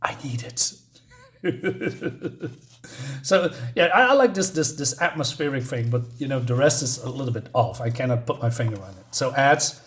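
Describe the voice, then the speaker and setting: A man's voice: medium pitch, expressive, fairly quick, few pauses, fairly bright tone. A man casually reviewing a comic book, hesitant and stumbling over his words, chuckling often.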